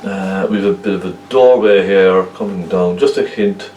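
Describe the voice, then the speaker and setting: A man's voice: low voice, normal speed, warm tone, reverberant, far from the mic, muffled recording, a little hiss or hum. A man with a Cork Irish accent giving a chatty painting lesson, often checking in with the viewer. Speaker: painting instructor. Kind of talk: casual painting tutorial.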